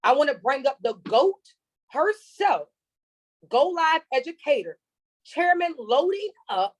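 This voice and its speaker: High-pitched woman hyping up a video call. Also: unhurried, low-quality recording. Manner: energetic, repetitive, calls for chat reactions. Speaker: host of an online training call. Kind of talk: hype introduction on a video call.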